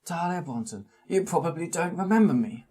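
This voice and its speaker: A man's voice: fairly high pitch, animated, a little fast, warm tone, husky, pitched above the performer's own voice. A man voicing a small, fussy older male publisher, polite and easily flustered. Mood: surprised. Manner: fluttery, surprised and courteous.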